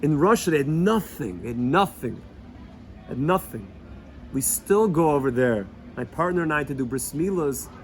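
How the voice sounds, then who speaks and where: A man's voice: on the high side, expressive, normal speed, a little hiss or hum. A man, a rabbi, telling stories in an earnest Torah talk, repeating himself and sprinkling in Yiddish and Hebrew words. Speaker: rabbi teaching a weekly Torah lesson. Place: Jerusalem.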